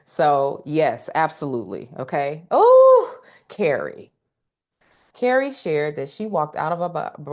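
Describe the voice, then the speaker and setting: A woman's voice: low voice, darkish tone. A woman leading a live online coaching session, speaking straight to her audience with emphatic repetition and frequent "okay?" check-ins. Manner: emphatic, repeats key phrases, checks in with "okay?"; talks directly to the audience. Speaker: workshop speaker.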